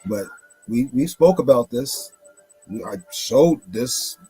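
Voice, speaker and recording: Blunt husky man, swearing monologue. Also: mid-range voice, animated, slow pace, mellow, dry recording, soft background music. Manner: emphatic and blunt, swears, repeats for stress. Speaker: commentary show host. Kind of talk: casual monologue.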